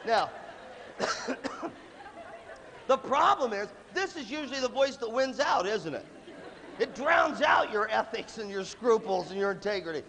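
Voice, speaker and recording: A man giving a humorous talk on leadership, telling stories and acting out voices in an animated, jokey way. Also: extremely high pitch, unhurried, pauses often, some chatter behind. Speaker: leadership speaker. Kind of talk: humorous storytelling talk to an audience. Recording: echoey hall, faint background noise.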